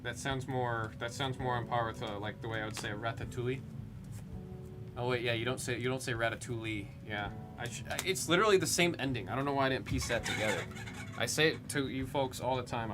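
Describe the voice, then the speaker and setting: A man with an average-pitched voice hosts a live card break stream, chatting loosely and calling out the names of cards as he opens packs. He drifts between side stories and card reads in a relaxed, rambling way. Music plays clearly under his voice throughout. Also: a little fast. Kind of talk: casual live-stream commentary. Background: background music.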